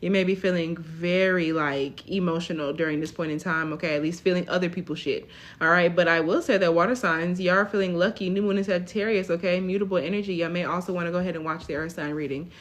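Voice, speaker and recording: A woman's voice: lowish voice, fairly even intonation, quick pace. A woman in her twenties giving a casual live tarot reading, chatty, tagging almost every line with "okay?". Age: 20s. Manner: chatty, tags lines with "okay?". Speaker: tarot reader.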